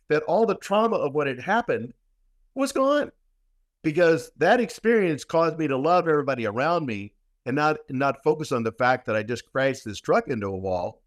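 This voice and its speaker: A man's voice: mid-range voice, no room sound. Guy telling a long story on a podcast, keeps repeating himself for emphasis, dry close mic. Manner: repetitive, emphatic storyteller with many restarts. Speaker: guest practitioner.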